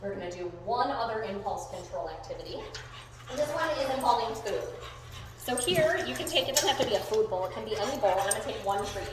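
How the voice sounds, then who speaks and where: Woman, dog trainer, hands-on lesson, upbeat, very lively pitch, echoey room, distant mic, faint background noise. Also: quick pace. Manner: upbeat, animated, bursts of excited praise.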